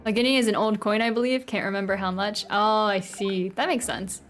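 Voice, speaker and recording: A woman's voice: mid-range voice, steady tone, a little fast, faint music behind. A woman streamer in casual let's-play commentary, chatty and self-deprecating, laughing often.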